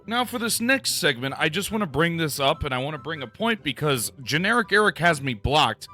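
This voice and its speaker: A man's voice: on the high side, brisk, hardly any pauses, sharp tone. A man from Germany ranting to his audience in a heated, insulting and sarcastic way. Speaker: YouTuber. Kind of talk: angry rant to camera.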